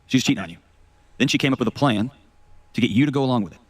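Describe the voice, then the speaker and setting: A man hosting an advice show, talking in a folksy, storytelling way at a very rapid clip. His voice sits in the middle range and sounds dry and close to the mic. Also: medium pitch, dry recording. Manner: rapid, folksy, tells stories. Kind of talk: casual advice call.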